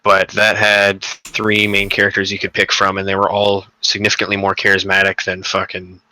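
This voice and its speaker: A man's voice: deep voice, monotone, normal speed, bright, forceful tone, rough recording. A young man co-hosting a casual gaming podcast, rambling and profane, with lots of fillers and restarts. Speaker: podcast co-host.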